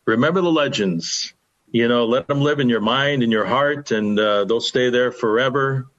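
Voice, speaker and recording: A man's voice: medium pitch, moderate pace, fairly bright tone. An older male sports broadcaster tells a baseball memory on the radio. He speaks in a folksy, reverent way. The audio is a bit muffled, like a radio broadcast. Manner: folksy anecdotal storytelling, reverent. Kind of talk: storytelling on a sports radio show.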